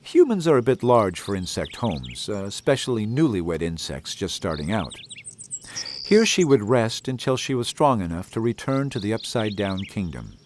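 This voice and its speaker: A man narrating a children's audiobook in an expressive, dramatic manner. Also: lowish voice, normal speed, a little hiss or hum. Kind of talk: scripted storybook narration.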